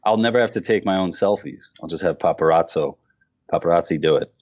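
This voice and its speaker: A man with a very low voice and a faint New York accent, talking as a guest on a podcast. He tells stories in an animated way, pokes fun at himself and restarts his sentences often. The recording sounds a little dull and lo-fi. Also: fast. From Queens, New York. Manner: animated storyteller, self-mocking, many restarts. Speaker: comedian guest. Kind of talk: casual podcast interview.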